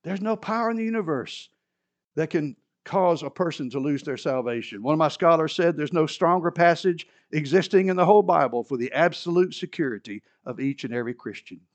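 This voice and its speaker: A man preaching a sermon in a church, moving between loud emphatic repetition and low conversational asides. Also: animated, fairly quick. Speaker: pastor.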